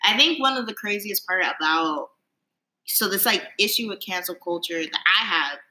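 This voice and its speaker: A woman's voice: medium pitch, lively intonation, normal speed, sharp tone, rough recording. A young woman in casual podcast chat, rambling and laughing often, with lots of "like". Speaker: podcast co-host.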